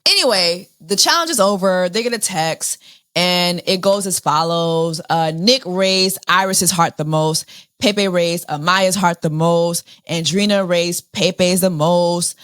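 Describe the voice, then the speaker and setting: A woman recaps a dating show in a loose, sassy way, her voice leaping high when excited and sinking low when fed up. She speaks slowly and takes her time. The sound is dry and close, with no room in it. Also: no echo. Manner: animated, sassy, swings from high squeals to low weary drawl. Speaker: reality show recap host. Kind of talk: casual recap commentary.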